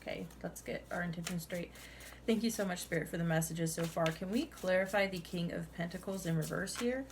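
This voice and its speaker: A woman's voice: on the low side, brisk, a little hiss or hum. Chatty young woman reading tarot. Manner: chatty, many "like"s, laughs often, addresses listener as "honey". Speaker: tarot reader.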